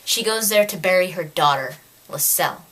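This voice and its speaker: A woman giving a casual spoken book review, ranting in an exasperated, animated way. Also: lowish voice, moderate pace.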